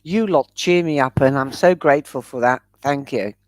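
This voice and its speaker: A woman hosts a chatty live-stream tarot reading, lavishing endearments and pet names on her viewers. She has a bass voice with a darkish tone, speaks at a moderate pace, and the recording has no echo.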